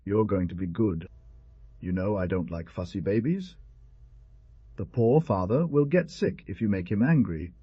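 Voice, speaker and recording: A man voicing a young mother who questions and coaxes her son in a gentle, anxious manner. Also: lowish voice, animated, normal speed, slightly rough, no echo. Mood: anxious coaxing. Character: tender worried young mother. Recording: dull, dry lo-fi recording.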